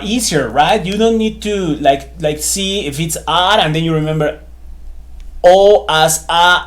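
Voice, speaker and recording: Chatty man teaching at a whiteboard. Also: fairly high pitch. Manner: chatty, repeats himself, many fillers. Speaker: Spanish teacher. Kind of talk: casual whiteboard lesson.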